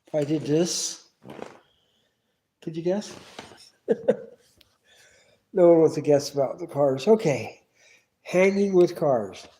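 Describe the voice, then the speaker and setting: A man's voice: fairly high pitch, animated, slow pace, long pauses, dark tone. A man hosting a casual solo livestream from his garage on a phone camera, rambling and asking absent viewers lots of questions. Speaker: livestream host. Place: home garage.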